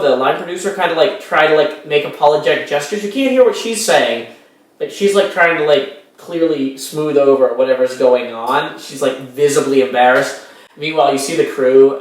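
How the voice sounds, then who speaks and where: A man's voice: medium pitch, distant mic. A man narrating as game master of a tabletop role-playing game, rambling with lots of restarts and fillers. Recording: very echoey room, a bit off mic.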